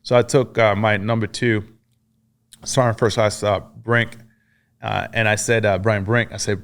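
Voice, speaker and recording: A Frenchman with a fairly low, steady voice and a moderate pace shares his army war stories on a podcast. He keeps it conversational, curses freely, and plays out what others said.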